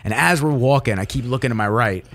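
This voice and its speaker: A man's voice: mid-range voice, quick pace. A man co-hosting a podcast, telling a story in casual chat, laughing often, swearing and acting out what people said. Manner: animated, laughs a lot, swears freely, acts out dialogue. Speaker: podcast co-host.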